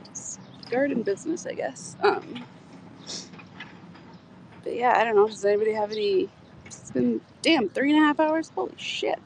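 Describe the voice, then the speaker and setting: A woman's voice: fairly high pitch, moderate pace, pauses often, low-quality recording. A woman chatting casually on a livestream outdoors, rambling, laughing and swearing as she talks. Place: outdoors in a community garden. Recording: faint outdoor noise.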